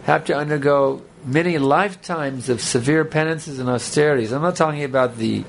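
Gravelly-voiced man giving a rambling talk. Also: a little high, a little fast, a little hiss or hum. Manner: conversational, rambling, joking asides. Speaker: spiritual teacher. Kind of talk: sermon with audience banter.

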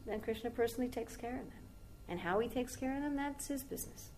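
A woman's voice: fairly high pitch, quick pace, hardly any pauses, darkish tone, a little hiss or hum, rough recording. A woman giving a devotional talk as a spiritual teacher, telling a long story in a rambling, conversational way with asides to her listeners.

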